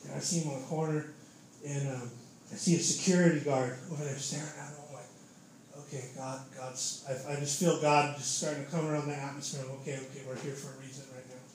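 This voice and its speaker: A man's voice: fairly high pitch, steady tone, a little fast. A young man giving a casual preaching testimony, fervent and informal, constantly dropping "man" and "dude" into his talk. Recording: very echoey room with faint noise.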